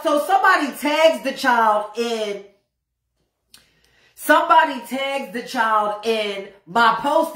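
Speaking in a mid-range, slightly bright voice, a live streamer launches into an unscripted, foul-mouthed rant in a roomy-sounding space. She keeps repeating phrases over and over to drive her point home.

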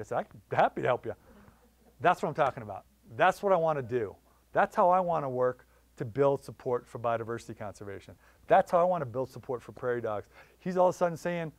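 A man giving a public lecture on wildlife conservation in a library, telling stories with lively voiced quotes. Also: medium pitch, fast talker, no echo. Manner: animated storytelling with voiced quotes.

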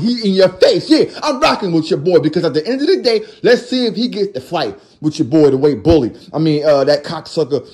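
High-voiced man trash-talking fight commentary. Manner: loud, animated, slangy trash talk. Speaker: boxing commentator. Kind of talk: casual live fight commentary.

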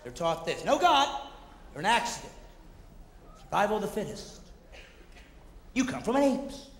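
A man doing a high-energy stand-up comedy routine, ranting and jumping into shouted asides and mock voices. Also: very animated, normal speed. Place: theater stage before a live audience. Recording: echoey hall, noisy 1990s concert recording.

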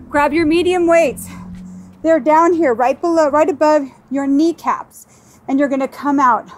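A woman's voice: high-pitched, slight background noise, poor audio. A woman fitness instructor leading a workout, calling out moves and countdowns in an upbeat, coaching way while she exercises along.

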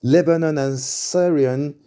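A man's voice: a little high, slow pace, mellow, smooth. A man preaching a sermon in a repetitive cadence, with stammered restarts and emphatic exclamations. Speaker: pastor.

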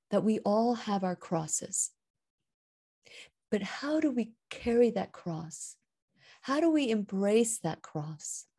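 A woman's voice: medium pitch, darkish tone. Earnest woman hosting an inspirational talk. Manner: earnest, heartfelt, rises and falls with emphasis. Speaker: radio show host.

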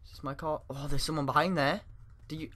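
A man's voice: fairly high pitch, steady tone, quick pace, sharp tone. A man giving let's play commentary into a desk mic, swearing and yelping at scares while reading game text aloud. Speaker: gamer.

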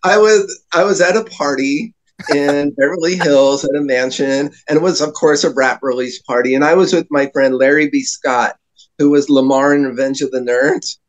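Guy telling wild stories on a podcast, kinda high voice, does little voices for people. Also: moderate pace. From New Jersey. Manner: animated anecdotes, slips into voices for other people. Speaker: guest. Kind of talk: casual storytelling.

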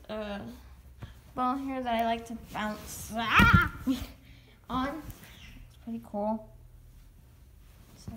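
A woman's voice: high voice, a little hiss or hum. A young girl chatting casually about her pets, rambling and restarting often. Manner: rambling, halting, full of restarts. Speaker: vlogger. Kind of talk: casual pet vlog.

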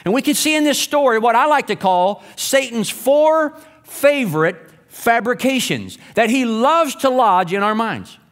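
High-voiced pastor preaching with sweeping emphasis. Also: male voice, expressive, measured pace. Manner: emphatic, swinging between raised and hushed delivery. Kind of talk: sermon.

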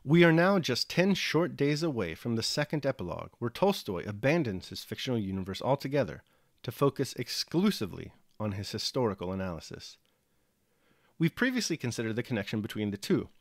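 A man reading a classic novel aloud chapter by chapter, then giving a measured spoken reflection in a steady, articulate way. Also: mid-range voice, no room sound, clean studio sound. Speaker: audiobook reader and commentator. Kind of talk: measured audiobook narration and reflection.

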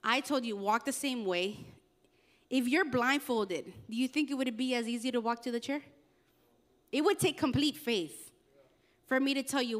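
A young adult woman, a youth pastor, preaching a casual youth sermon in a chatty, animated way with slangy asides. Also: on the high side, normal speed.

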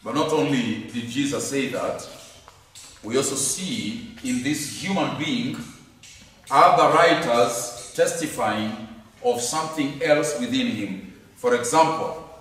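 A man's voice: mid-range voice, takes it slowly, a bit bright. A man teaching a lesson on scripture, speaking emphatically, repeating key phrases and asking rhetorical questions. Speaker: Bible teacher. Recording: echoey hall from far off.

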